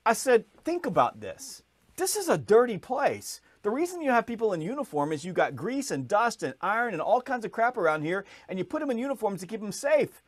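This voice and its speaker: A sales author appearing as a podcast guest tells an energetic story in his fairly high speaking voice, talking fast with few pauses. He acts out the people in it, his pitch jumping up when he gets excited. The recording is dry and close, with no room sound.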